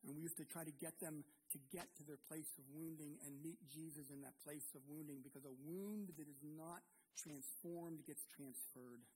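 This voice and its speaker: A man's voice: on the high side, steady tone, warm tone, a little hiss or hum, rough recording. Earnest male pastor preaching a sermon. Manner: earnest, emphatic preaching with pauses and repeated words.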